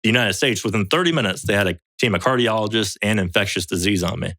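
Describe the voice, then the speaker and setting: A man's voice: lowish voice, quick pace, no room sound. A man, a podcast guest, telling a story in casual chat, acting out other people's lines and swearing freely. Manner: animated storyteller acting out quotes in raised voices. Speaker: podcast guest, survival show veteran.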